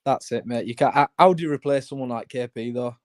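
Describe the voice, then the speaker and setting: Quick-talking Yorkshire man on a call. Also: mid-range voice, darkish tone, dry recording, clean studio sound. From Leeds, England. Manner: chatty and friendly, calls the host mate. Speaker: caller. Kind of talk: casual phone-in chat.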